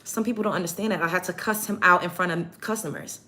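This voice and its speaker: Blunt, emphatic low-voiced woman host. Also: fast, hardly any pauses, bright, forceful tone. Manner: emphatic, blunt, repeats points for stress. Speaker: show host. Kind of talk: casual get-ready-with-me livestream talk.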